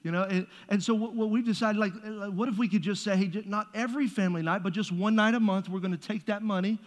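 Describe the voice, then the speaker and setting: This pastor talks fast in a high, steady voice, keeping his sermon conversational and full of jokes. He throws playful remarks at the congregation, and the sound has the long reverb of a big hall.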